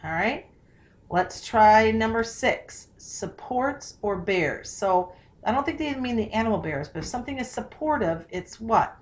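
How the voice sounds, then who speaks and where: A woman teacher talks students through a spelling tutorial. She sounds out words slowly and carefully, breaking them into parts. She often stops to ask questions and check that they follow. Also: a little high, expressive.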